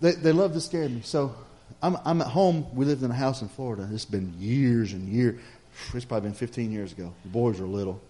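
A middle-aged man, preaching a sermon in a folksy storytelling way that builds to loud exhortation. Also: mid-range voice, brisk, hardly any pauses.

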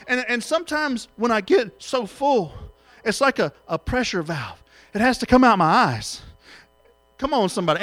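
A middle-aged man preaching an emotional sermon, swinging between loud exhortation and hushed tenderness. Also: high-pitched, very animated, moderate pace.

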